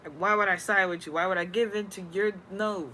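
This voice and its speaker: A woman's voice: medium pitch, brisk, slight background noise. Slangy, rambling woman talking spirituality. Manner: slangy, rambling, animated storyteller. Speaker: spiritual content creator. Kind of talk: casual spiritual talk.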